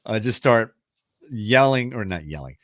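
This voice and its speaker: A man's voice: lowish voice, lively intonation, unhurried, fairly bright tone, no room sound, studio quality. A man hosting a radio show, chatting casually and rambling, then reading out a trivia question. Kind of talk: casual chat and trivia quiz.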